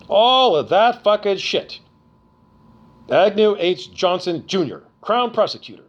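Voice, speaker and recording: Middle-aged man, accusatory ranting vlogger, high and animated, muffled home recording. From Canada. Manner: profane, accusatory, repetitive. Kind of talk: angry rant to camera.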